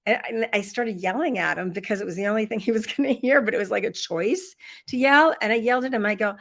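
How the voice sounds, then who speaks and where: A woman's voice: medium pitch, fast talker, gravelly. A middle-aged woman leading an online workshop, telling a personal story with frequent laughter, on a computer mic. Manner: warm storytelling, laughs often. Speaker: workshop leader. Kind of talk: live online workshop talk.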